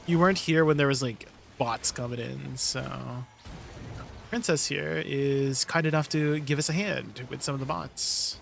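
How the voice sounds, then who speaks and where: Chatting casually with viewers during a gaming stream, a young man reads their messages and riffs on them, quick to be amused. He speaks at a measured pace in a gravelly, medium-pitched voice, with slight background noise behind him.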